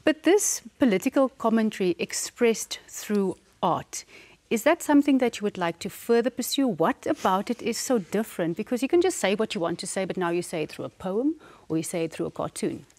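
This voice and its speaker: A woman's voice: mid-range voice, lively intonation, brisk, darkish tone. A woman hosting a morning talk show, asking upbeat questions.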